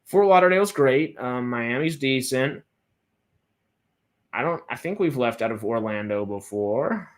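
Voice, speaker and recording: A man's voice: medium pitch, lively intonation, measured pace. A man from Texas hosting a casual livestream chat, rambling with frequent restarts and fillers. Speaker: host.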